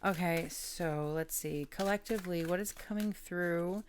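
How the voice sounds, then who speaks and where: A woman's voice: on the low side, measured pace, slight background noise. A woman reading tarot in a casual, chatty way, laughing often and trailing off mid-thought. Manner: coos softly at her pet. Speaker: tarot reader.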